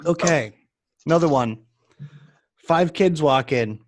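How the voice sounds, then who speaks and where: A man's voice: moderate pace, no echo. A young man casually telling stories about vape shop customers, acting out their voices. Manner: animated, acts out customers in a higher voice. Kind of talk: casual chat, storytelling.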